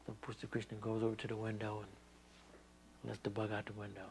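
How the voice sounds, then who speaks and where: A man's voice: fairly low pitch, completely flat delivery, quick pace, a little mellow, a little hiss or hum. A man earnestly recalling an episode with his teacher in an interview, acting out what was said. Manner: earnest storytelling, acting out quotes. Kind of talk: reminiscing in an interview.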